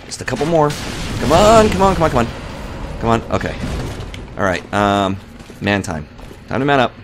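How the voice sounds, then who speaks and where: A man's voice: medium pitch, expressive, normal speed, noisy background. A man giving live gameplay commentary as a streamer, jittery and panicky, talking to himself and to the game. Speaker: let's play livestreamer.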